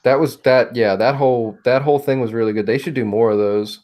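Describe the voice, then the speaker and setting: A man's voice: mid-range voice, fairly even intonation, brisk, darkish tone. A man co-hosting a podcast, joking along in casual chat and often restarting his sentences. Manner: joking, with frequent restarts and hedging. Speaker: podcast co-host. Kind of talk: casual chat about wrestling.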